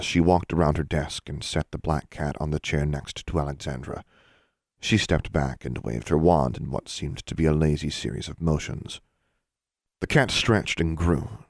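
A man narrating a fantasy novel in an even storytelling manner, close to the mic. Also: rumbling low, no echo. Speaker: audiobook narrator. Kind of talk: scripted narration.

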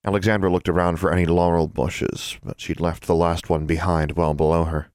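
A man narrating an audiobook in a steady, even storytelling voice. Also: low-pitched, fairly quick, dry recording, studio quality.

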